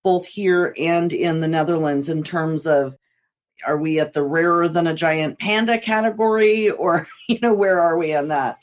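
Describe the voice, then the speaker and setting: A woman's voice: lowish voice, moderate pace. A woman hosting an interview, asking open questions and affirming often.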